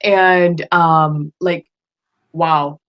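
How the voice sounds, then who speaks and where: A woman's voice: low-pitched, extremely slow. A woman hosting a live video stream, chatting easily with her guest and reading out viewer comments. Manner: relaxed, reads out viewer comments. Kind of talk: casual live-stream interview.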